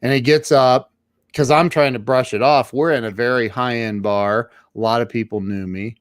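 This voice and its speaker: A man's voice: medium pitch, fairly even intonation, normal speed, no echo, clean studio sound. A man as an interview guest, telling his own story casually and emphatically, often stumbling and restarting his words.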